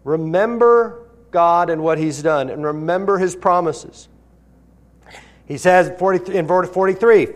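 A man preaching a sermon, reading scripture aloud with rising force and dropping low and quiet to stress key words. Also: a little slow. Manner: earnest, rises in pitch and volume when reading scripture, drops low for emphasis. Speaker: pastor.

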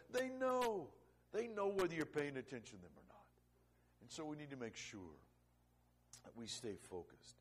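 A middle-aged man preaching a sermon, earnest, swinging between loud emphasis and quiet, low-voiced stretches. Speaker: pastor.

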